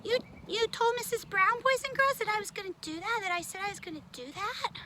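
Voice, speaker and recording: A woman voicing a squeaky, excitable tiger puppet. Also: a little fast, a crowd in the background. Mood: defensive, whiny. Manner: whiny, dramatic, swings between pleading and excitement. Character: young male tiger puppet, excitable and dramatic. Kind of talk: children's puppet show.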